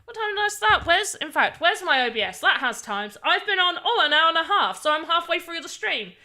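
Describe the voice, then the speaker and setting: British woman, high bright voice, tired and rambling, casual streamer chatter. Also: expressive, fairly quick. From Britain. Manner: rambling, self-deprecating, often restarts words. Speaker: livestreamer. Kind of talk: casual live-stream chat.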